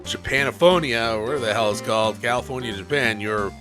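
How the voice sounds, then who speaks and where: A man's voice: medium pitch, quick pace. A man hosting a let's play, giving casual, joking commentary with some swearing. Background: game music.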